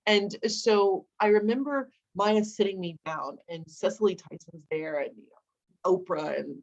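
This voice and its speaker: A woman with a mid-range voice talks as a guest entrepreneur over a video call. She tells stories in an animated, persuasive way. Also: mid-range voice, a little slow, highs cut off. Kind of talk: interview storytelling.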